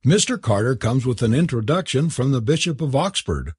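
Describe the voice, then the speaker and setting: A man doing a stern young lady, raised pitch, husky, crisp and commanding, storybook voice. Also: animated, brisk, darkish tone, no room sound. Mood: brisk. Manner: crisp, commanding, faintly amused.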